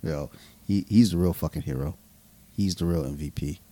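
A man's voice: sits low, moderate pace, dark tone. A man in his thirties co-hosting a casual podcast over beers, telling loose, profane stories and laughing often. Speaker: podcast co-host.

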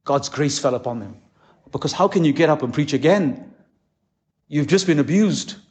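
A man preaching a conference sermon as a pastor, impassioned, with dramatic pauses. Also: a little high, lively intonation, a little mellow. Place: conference hall. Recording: echoey hall.

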